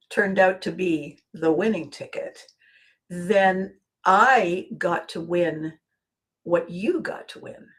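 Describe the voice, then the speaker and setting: A woman with a medium-pitched voice hosts a live motivational video, earnestly speaking and saying hello to viewers by name. When she restarts a sentence, she often repeats a word.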